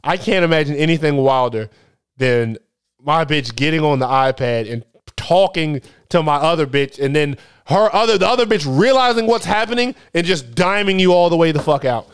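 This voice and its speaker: A young man on a podcast, telling a wild story in casual slang and acting out his friends' lines with animated energy. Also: fairly high pitch, moderate pace, clear, resonant tone. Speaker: podcast co-host.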